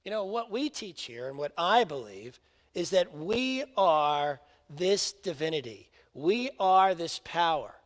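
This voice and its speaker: A man's voice: a little high, big pitch swings, unhurried. A man giving a sermon as a spiritual minister, telling a story and speaking emphatically, in a reverberant hall.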